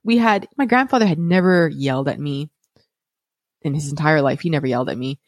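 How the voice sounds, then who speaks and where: A podcast host who is also a parent tells a personal story, speaking a little fast in a deep voice. She's open and conversational, restarting often and laughing lightly, and the audio is studio quality with no echo.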